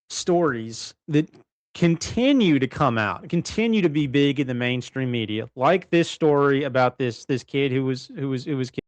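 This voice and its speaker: Medium-pitched and free of echo, this man co-hosts a laid-back livestream from his bedroom. He rambles, keeps restarting and correcting himself, and laughs a lot.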